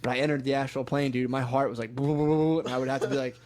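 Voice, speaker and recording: A man's voice: mid-range voice, flat delivery, rapid-fire. A man on a podcast in casual chat, rambling through a story and acting out his own quotes. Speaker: podcast co-host.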